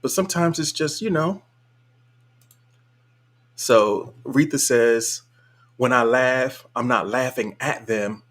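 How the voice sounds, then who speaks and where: A man's voice: mid-range voice, slow pace, long pauses, fairly bright tone. A man hosting a casual live stream, reading viewer comments aloud in a laid-back, colloquial way and chuckling often. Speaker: livestream host.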